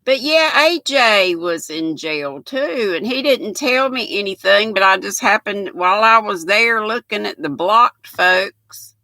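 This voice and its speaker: A woman's voice: mid-range voice, animated, a little slow, few pauses, sharp tone, no echo. A woman, hosting a casual live stream and chatting affectionately with viewers, calling them pet names like sweet pea and honey. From Southern United States.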